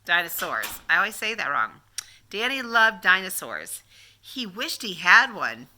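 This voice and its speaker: An older woman, a grandmother, reading a picture book aloud to a child in an animated way, stopping to ask questions. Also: medium pitch, measured pace, slight background noise.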